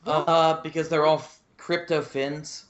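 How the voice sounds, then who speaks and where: A man's voice: on the high side, flat delivery, measured pace, fairly bright tone, lo-fi sound. Joking man as podcast guest. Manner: joking, offhand, mocking. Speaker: guest correspondent. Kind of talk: casual podcast banter.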